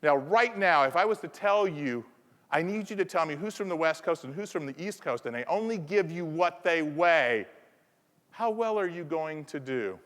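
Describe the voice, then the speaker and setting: A man's voice: fairly high pitch, animated, normal speed, a bit bright. A man from the American South giving a playful conference presentation, teasing the audience. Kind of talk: keynote talk. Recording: reverberant conference hall.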